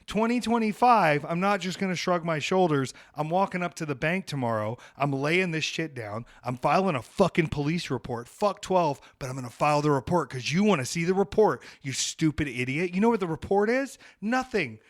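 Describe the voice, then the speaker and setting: A man's voice: a little high, animated, brisk, few pauses. A young adult man hosting a podcast, ranting in a heated, profane and emphatic way. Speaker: podcast host.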